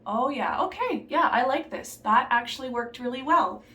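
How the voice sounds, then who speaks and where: A woman chatting casually through a makeup tutorial in a relaxed, offhand way, slipping into a put-on Southern belle accent. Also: high-pitched, moderate pace, reverberant, recorded from a distance. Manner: relaxed, chatty, trailing off and restarting while applying makeup. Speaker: beauty vlogger.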